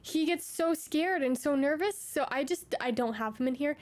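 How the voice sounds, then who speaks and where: High-voiced woman gushing over her cat. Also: normal speed. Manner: gushing, doting, baby-talks to her cat. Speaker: streamer. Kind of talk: casual chat with viewers. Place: her room at home.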